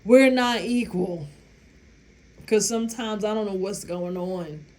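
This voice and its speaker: A woman's voice: mid-range voice, measured pace, a little mellow, a little hiss or hum. Woman w/ aave just talking straight to her viewers, blunt and swearing a lot, relationship advice. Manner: blunt, profane, emphatic, laughs at her own story. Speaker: channel host giving relationship advice. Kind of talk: casual talk to viewers.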